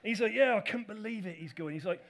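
Man, pastor, high voice, chatty sermon storytelling, self-deprecating asides. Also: fast, a bit bright.

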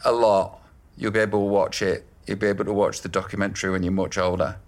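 A man in candid documentary footage, gently and affectionately teasing his young daughter. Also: on the low side, flat delivery, quick pace. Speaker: father in a documentary clip.

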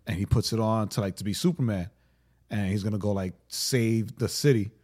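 A man co-hosts a podcast, chatting casually in a lowish voice at a fairly quick clip. He's an excitable storyteller whose talk is packed with "like" and "right?".

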